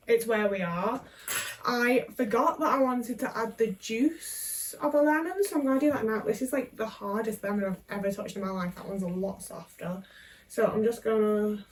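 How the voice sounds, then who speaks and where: Young woman rambling at home while cooking, kinda self-mocking, mic a bit far off, faint room hum. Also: a little high. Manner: chatty and self-mocking, with constant tag questions. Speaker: vlogger. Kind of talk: casual cooking vlog chat.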